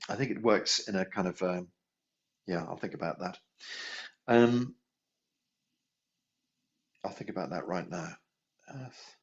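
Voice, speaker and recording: Speaking in a low voice at an unhurried pace with long pauses, a man leads a healing class, musing aloud, catching his own mistakes, and chuckling now and then. It's relaxed spoken instruction, captured on a dull lo-fi recording.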